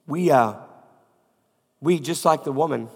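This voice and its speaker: Pastor with a cold, a man, sermon delivery, emphatic repetition, slightly high voice. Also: a little slow, slightly rough, long reverb tail. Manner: emphatic preaching with repeated phrases, rising to loud peaks and dropping to quiet. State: has a cold.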